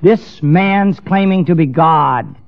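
A preacher voicing an indignant high priest making an accusation. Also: male voice, slow pace, creaky. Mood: outraged. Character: outraged male high priest. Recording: dull lo-fi recording.

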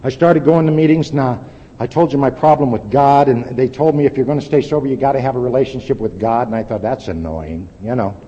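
A slightly rough, mellow voice belongs to an older man talking a little fast as he gives plain-spoken, candid and wry testimony at a recovery meeting. The recording is lo-fi, echoing through a hall with a faint rumble.

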